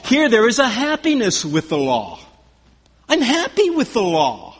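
A man's voice: very high-pitched, huge pitch swings, unhurried, husky, in a large hall. A man preaching a sermon verse by verse, emphatic and repeating his key phrases. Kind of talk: expository sermon.

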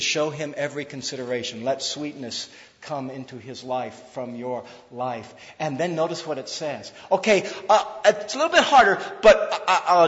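A man preaching a sermon in an emphatic, conversational way, swinging between loud, pressing lines and hushed ones, with frequent fillers. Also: a little high, in a large hall, dull audio. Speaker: pastor.

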